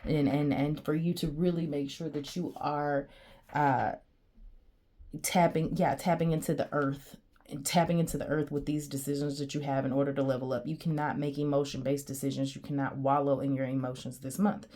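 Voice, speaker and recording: Low-voiced woman giving a chatty tarot reading. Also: level tone, moderate pace, mellow. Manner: chatty and digressive, addressing viewers directly. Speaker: tarot reader.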